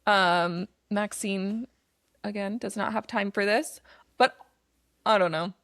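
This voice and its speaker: A woman's voice: mid-range voice, slow pace, dry recording. Chatty woman recapping a film. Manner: animated retelling, acts out quotes. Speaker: podcast co-host. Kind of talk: casual movie recap chat.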